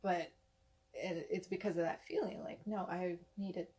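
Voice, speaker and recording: A woman's voice: fairly low pitch, steady tone, normal speed, warm tone. A woman hosting a podcast, talking in a supportive, reflective casual way with frequent "like". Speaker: podcast host. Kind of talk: casual chat.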